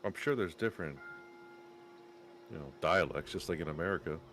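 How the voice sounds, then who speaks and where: Deep-voiced man, dry and laid-back. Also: lively intonation, moderate pace, fairly bright tone, a little hiss or hum. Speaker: co-op game player. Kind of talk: casual chat while gaming.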